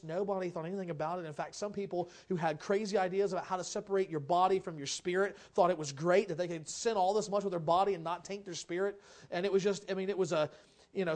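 Preaching to his congregation, a pastor talks conversationally with casual asides, reads scripture aloud, and builds up to shouted exhortation. His voice sits in the mid range.

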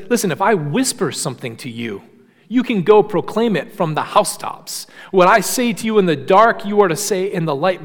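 A man preaching a sermon in earnest, shifting between quiet low passages and raised emphatic ones, often repeating words as he restarts. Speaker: pastor. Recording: long hall reverb.

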